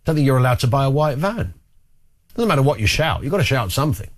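A man hosting a talk radio phone-in, with the joking, rambling manner of a chat between callers. His pitch swings a lot as he tells stories. The tone is middling for a man. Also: quick pace. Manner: chatty, jokey, lively storytelling. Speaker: radio talk show host.

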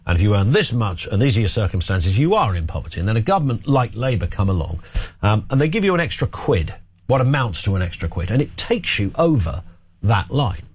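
A man's voice: on the low side, very animated, fairly quick, breathy edge. A man hosting an opinion talk show, delivering a sarcastic, scornful monologue with jokey asides. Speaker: host.

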